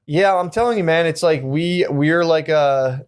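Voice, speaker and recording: A man's voice: on the high side, unhurried, smooth. A man in loose, profane podcast chat, rambling with many restarts.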